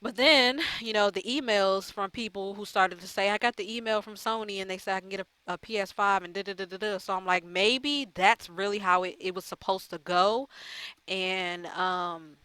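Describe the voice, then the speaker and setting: Bright, crisp-voiced woman chatting casually. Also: medium pitch, moderate pace, no room sound. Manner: chatty, profane, rambling with fillers. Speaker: gaming YouTuber. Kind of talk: casual chat to camera.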